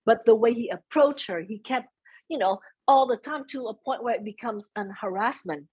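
A soft-spoken woman being interviewed, chatting casually and mixing in Vietnamese phrases. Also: a little high, moderate pace, slightly rough, dry recording, rough recording. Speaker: interview guest. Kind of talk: casual conversation.

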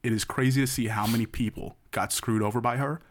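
Medium-pitched and steady, this man is a fast talker co-hosting a podcast. He tells a story at length in relaxed conversation, rambling and checking in with "right?" along the way.

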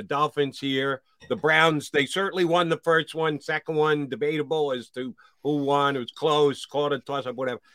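Bright-voiced man hosting sports talk. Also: on the high side, dry recording. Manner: questioning, builds long argumentative points.

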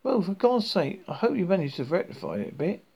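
A man reading aloud and voicing an indignant, panicky earthman in shrill, exasperated outbursts. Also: very animated, a little fast, dark tone, husky, full character voice. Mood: anxious.

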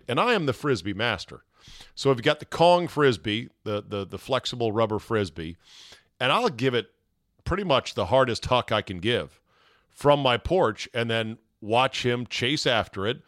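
A man hosting a podcast, telling a story in a casual, animated way, swearing now and then and acting out shouts. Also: mid-range voice, no echo, studio quality. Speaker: podcast host.

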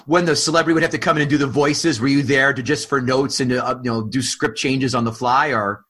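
Bright, husky-voiced joking podcast host man. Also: mid-range voice, steady tone, quick pace. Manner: joking, swears freely. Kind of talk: casual chat.

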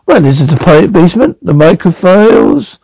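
A man's voice: high voice, big pitch swings, moderate pace, creaky, a little mellow, breathy edge, no echo, exaggerated voice, poor audio. A man reading aloud and voicing a fearful talking elevator that coaxes its riders in a sweet, reasonable tone. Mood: coaxing.

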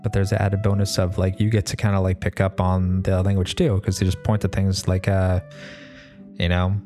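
A man's voice: sits low, completely flat delivery, normal speed, dark tone, soft background music. A man, a mechanic, talking in a loose, rambling monologue full of fillers and restarts, swearing now and then. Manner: laid-back, swears casually. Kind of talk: casual monologue.

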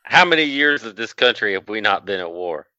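A man's voice: lowish voice, animated, a little fast, pushed and bright, dry recording, muffled recording. A man co-hosting a podcast, joking, rambling and profane. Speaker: podcast co-host. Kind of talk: casual podcast chat.

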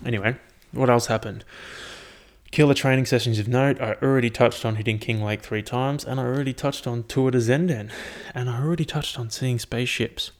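A man's voice: medium pitch, brisk. A young man casually recapping his training, rambling and swearing freely in an upbeat way. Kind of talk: casual chat.

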